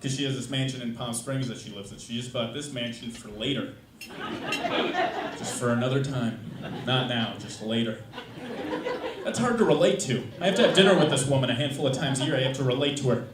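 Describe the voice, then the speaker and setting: A man performing a stand-up comedy set, dry and deadpan at first, then building to loud yelling. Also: medium pitch, a little fast, heavy background noise. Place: comedy club stage. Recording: roomy, distant live club recording with loud crowd. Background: loud audience laughter.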